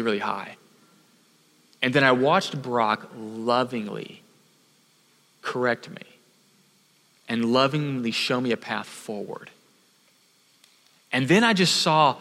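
A man's voice: medium pitch, fairly bright tone, long reverb tail. A man from Houston preaching a sermon, telling a self-deprecating story and acting out the voices of the people in it. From Houston, Texas. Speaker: pastor.

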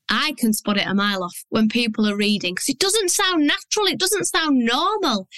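A blunt, down-to-earth business coach from Yorkshire, England, delivers a solo podcast monologue straight to her listeners in a fairly high voice, chatty with mild swearing. The low-quality recording sounds dry, close, and a bit bright, with no echo or room around it.

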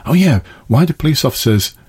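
A man's voice: fairly high pitch, lively intonation, a little fast, a little mellow, breathy edge. A middle-aged former police officer hosting a podcast, chatting casually from his garden summer house and laughing at his own jokes. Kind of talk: casual advice talk.

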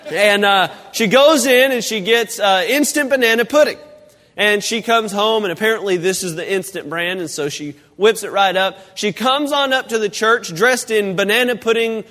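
High-voiced pastor in a reverberant church. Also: male voice, moderate pace, pushed and bright. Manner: folksy storytelling with restarts and asides. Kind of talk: casual sermon. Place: church sanctuary.

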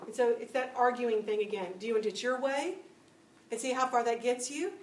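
A woman giving a spoken testimony to a church audience, telling stories with lively acted-out dialogue. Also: a little high, brisk. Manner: animated storytelling, acting out dialogue. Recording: echoey room, distant mic, faint noise.

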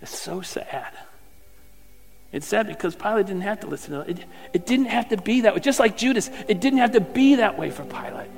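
A middle-aged man preaching a sermon, swinging from loud fervent questions to hushed, near-whispered lines. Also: high-pitched, expressive, fast talker, creaky. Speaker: pastor. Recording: long hall reverb.

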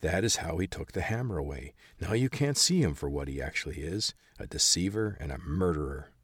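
A man voicing a bitter, secretive old man who hides in caverns, calm one moment and snappish the next. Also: low-pitched, a little fast, husky, studio quality. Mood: urgent, scornful. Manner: calm but snappish, hacking cough. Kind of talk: audiobook character voice.

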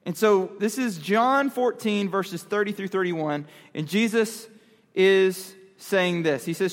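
A man's voice: sits high, unhurried, faint music behind. A man giving a casual youth sermon, talking with the audience and asking them questions. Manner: conversational, asks the audience questions. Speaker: youth pastor. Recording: long hall reverb.

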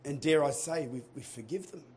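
A man preaching a sermon to his church, moving between quiet teaching and loud, rousing calls to the congregation. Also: a little high, fairly quick. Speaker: pastor. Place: church auditorium.

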